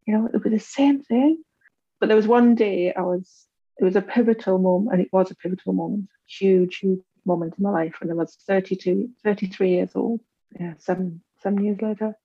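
A woman in her forties, an interview guest candidly telling her life story and acting out the voices of others with big pitch jumps. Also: fairly even intonation, brisk, husky, dry recording, dull audio.

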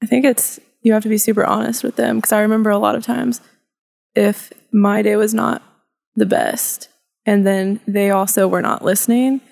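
A woman's voice: mid-range voice, steady tone, moderate pace, gravelly, a little mellow. A woman mentor speaking earnestly and directly in a casual talk about teaching kids. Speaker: podcast guest and youth mentor. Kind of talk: casual discussion.

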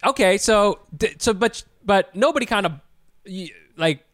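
A man's voice: high-pitched, expressive, moderate pace, a bit bright, no echo, clean studio sound. A man co-hosting a podcast in casual chat, hesitant and wry, full of fillers and restarts. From Vietnamese family. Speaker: podcast co-host.

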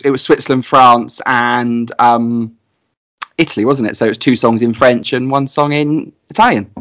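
A man co-hosting a podcast in casual chat, excitable and opinionated. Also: medium pitch, normal speed. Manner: excitable, opinionated, lots of fillers. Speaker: podcast co-host.

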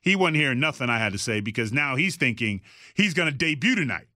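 A middle-aged man spins a story in casual talk, lively and full of acted-out voices and curses. His tone is bright and forceful. The sound is close and dry. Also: mid-range voice, fast talker, no room sound. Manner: animated, acts out voices in quotes, swears freely. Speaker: guest telling a backstage story.

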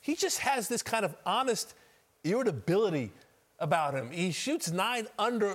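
A man hosting a golf broadcast from the studio, upbeat and conversational as he tosses questions to colleagues. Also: high-pitched. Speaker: studio host.

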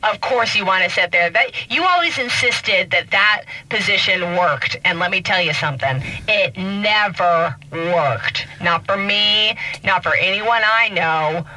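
A woman's voice: mid-range voice, lively intonation, unhurried, few pauses, bright, forceful tone, low-quality recording. A woman voicing a bossy, sarcastic car assistant that acts like the driver's nagging wife, teasing and insulting him. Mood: mocking. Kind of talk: comedy sketch acting.

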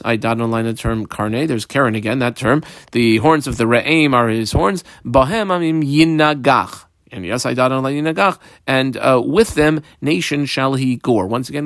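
A man's voice: medium pitch, a bit bright, dry recording. Man teaching a Talmud page, dry sound. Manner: explains step by step, translates Hebrew and Aramaic phrases as he reads; reads text aloud in Ashkenazi Hebrew pronunciation. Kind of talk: daf yomi Talmud lesson.

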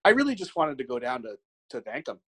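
A man's voice: medium pitch, fast, husky, dry recording, rough recording. A man, a bodybuilding coach, telling candid stories in a casual podcast chat, swearing freely and acting out the dialogue. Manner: candid, profane, animated anecdotes with quoted dialogue.

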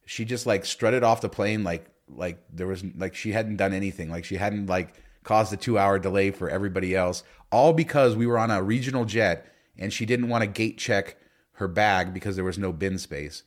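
Co-hosting a laid-back podcast, a low-voiced man speaks at a moderate pace. His storytelling wanders, packed with fillers and frequent restarts.

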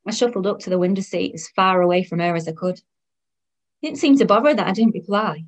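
A woman's voice: medium pitch, brisk. A woman in her thirties narrating her own story in the first person, in a wry, weary tone. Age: 30s.

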